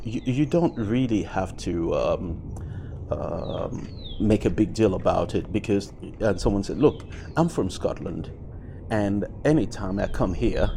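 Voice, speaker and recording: A man talking through his thoughts in a casual commentary video, pausing often with fillers and restarts. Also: lowish voice, warm tone, a little hiss or hum. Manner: reflective, with frequent fillers and restarts. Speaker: vlogger.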